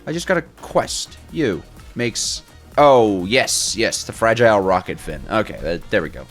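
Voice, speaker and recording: An excitable man giving casual let's play commentary, thinking out loud as he plays. His pitch swings widely between low mutters and high yelps, and he keeps breaking into laughs. Faint music plays beneath him. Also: unhurried. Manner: excitable, thinks aloud and talks to himself, often laughs. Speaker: gaming YouTuber.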